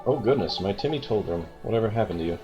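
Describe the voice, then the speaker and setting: A man's voice: fairly low pitch, lively intonation, fast, music in the background, lightly acted. A man voicing a motherly older woman shopkeeper who fusses and dotes, read over a game. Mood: doting. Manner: doting, fussy. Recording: dull lo-fi recording.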